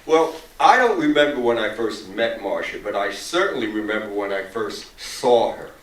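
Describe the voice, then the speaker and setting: Animated male storyteller in an echoey theater. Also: fairly low pitch, normal speed. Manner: animated storyteller acting out quoted voices. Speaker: panel speaker. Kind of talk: storytelling at a post-screening discussion. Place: theater auditorium. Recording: echoey room, far from the mic.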